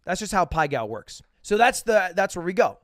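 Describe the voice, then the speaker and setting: A man's voice: high-pitched, very animated, moderate pace, no echo, studio quality. A man telling a casual, profane, self-mocking story as a podcast host.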